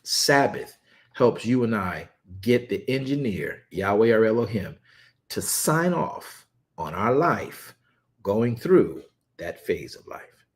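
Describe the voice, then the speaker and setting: A man preaching a lively Sabbath study on a livestream, repeating words and adding playful asides. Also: lowish voice, takes it slowly. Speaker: pastor leading online Sabbath study. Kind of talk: lively sermon and livestream chat.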